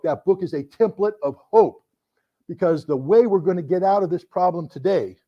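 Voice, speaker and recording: A man's voice: high voice, normal speed, dull audio. A middle-aged American man telling anecdotes to an audience at a book talk, acting out the people he quotes. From United States. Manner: animated anecdotal storytelling with voiced quotes. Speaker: author giving a book talk.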